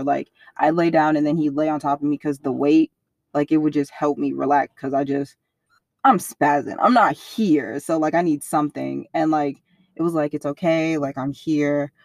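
A young woman with a fairly low voice speaks openly about her past in an interview. Her talk is casual and full of slang, and it grows lively whenever she acts out what others said. The recording is close and dry, with no room sound. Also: dry recording. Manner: casual slang-heavy, animated when quoting others. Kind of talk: candid personal interview.

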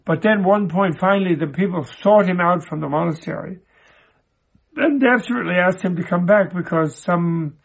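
A man giving an informal Buddhist teaching, telling stories in a halting way, often repeating and restarting his words. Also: high voice, creaky, dull audio. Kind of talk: informal spoken teaching with storytelling.

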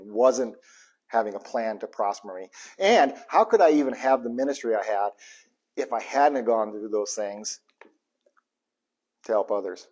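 Husky-voiced man preaching with loud bursts. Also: mid-range voice. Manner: impassioned preaching, swings from hushed to loud bursts; chuckles between points, repeats lines for emphasis. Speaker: pastor. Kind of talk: live sermon.

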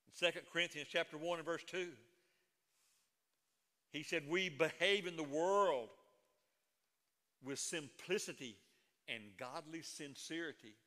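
A man's voice: a little high, measured pace, long pauses, pushed and bright, in a large hall. A middle-aged man preaching a sermon as a pastor, moving between folksy stories and emphatic proclamation.

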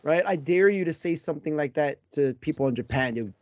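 A man hosting a podcast interview in casual chat, animated, laughing often and acting out quotes. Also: a little high, brisk, no room sound. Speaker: podcast host.

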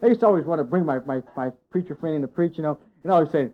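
A man preaching a sermon to his congregation, folksy and animated, full of rhetorical questions. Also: on the high side, rapid-fire, hardly any pauses. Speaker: pastor. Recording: dull lo-fi sound.

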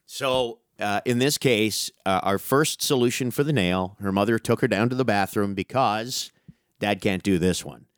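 Middle-aged guy, lowish voice, dry close mic, animated profane storyteller. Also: normal speed, smooth, no echo. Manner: animated, profane, calls listener dude. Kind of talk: casual storytelling chat.

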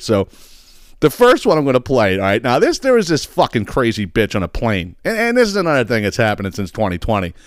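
A man's voice: mid-range voice, dry recording, studio quality. A man hosting a podcast, ranting casually with lots of swearing and laughter. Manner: profane, laughing often, animated. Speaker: podcast host. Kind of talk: casual comedic rant.

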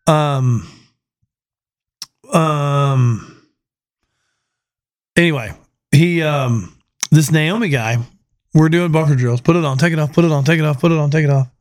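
A man with a fairly high voice hosts a casual podcast. He tells his stories in an animated, profane way and laughs a lot as he goes. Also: measured pace, pauses often. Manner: profane, animated storyteller who laughs often. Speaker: podcast host. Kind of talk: casual storytelling chat.

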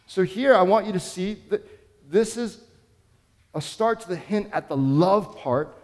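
A man's voice: sits high, animated, a little slow, a little mellow, in a large hall. A man preaching a sermon as pastor, telling a story in an earnest, conversational way.

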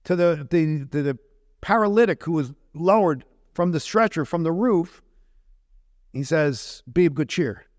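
A man pastor preaching a sermon in a conversational way, tossing rhetorical questions to his listeners. His voice sits fairly high for a man, and the sound is dry and close with little room echo. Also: animated, a little slow, a little mellow.

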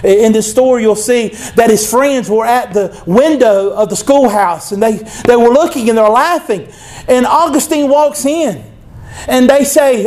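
High-voiced, emphatic man preaching a sermon. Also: unhurried, a little mellow. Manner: emphatic, conversational, with frequent asides and call-outs to the congregation. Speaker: pastor.

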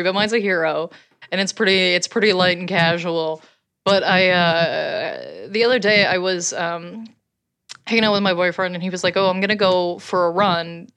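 A woman's voice: lowish voice, moderate pace, fairly bright tone. A young woman from Canada co-hosting a podcast, telling a casual story with laughs and swearing. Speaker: podcast co-host.

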